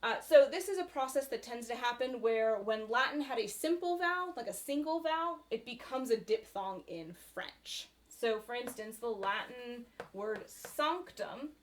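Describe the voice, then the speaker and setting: A woman's voice: fairly high pitch, expressive, moderate pace, few pauses. A woman giving a recorded university lecture in a conversational way, with frequent fillers and "right?" tag questions.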